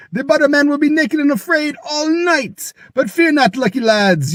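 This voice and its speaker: A man's voice: very high-pitched, fairly bright tone, dry recording, clean studio sound, voice pushed up. A man putting on a rowdy leprechaun voice with a put-on brogue for a merch ad, in singsong rhyming patter. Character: rowdy male leprechaun ad pitchman.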